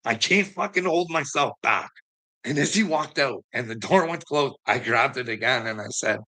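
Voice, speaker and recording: Guy ranting, cussing a lot, bright forceful voice, really heated. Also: mid-range voice, expressive, moderate pace. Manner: heated, profane, emphatic. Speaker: storyteller addressing a friend. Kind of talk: casual ranting anecdote.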